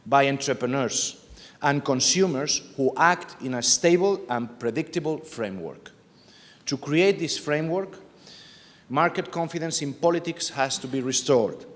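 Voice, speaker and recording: A man from Spain, giving a formal, measured political speech at a conference. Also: medium pitch. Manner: measured, deliberate, emphatic. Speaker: party official giving an opening address. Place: conference hall. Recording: long reverb of a large hall.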